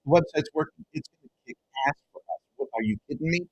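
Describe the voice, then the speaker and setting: A man who runs a web design business, giving an excited, emphatic pitch to viewers and calling them folks over and over. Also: fast, lo-fi sound, a little hiss or hum. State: excited, half-yelling. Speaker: web design agency owner and coach. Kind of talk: energetic direct-to-camera pitch.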